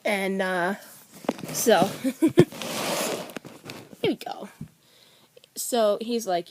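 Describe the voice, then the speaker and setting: A woman's voice: mid-range voice, lively intonation, a little slow, pauses often, a little mellow, a little hiss or hum. A middle-aged woman vlogger telling a family story in a rambling, casual way, with many fillers and restarts.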